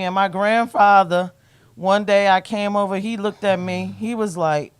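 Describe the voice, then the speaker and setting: A woman's voice: medium pitch, fairly even intonation, unhurried, clear, resonant tone. Laughing storyteller woman. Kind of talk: casual chat.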